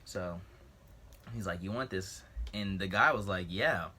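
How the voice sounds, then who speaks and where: A teenage man telling a rambling, jokey story to the camera, breaking off for asides and frequently clearing his throat. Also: deep voice, unhurried, pushed and bright, slight background noise. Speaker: vlogger. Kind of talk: casual storytelling.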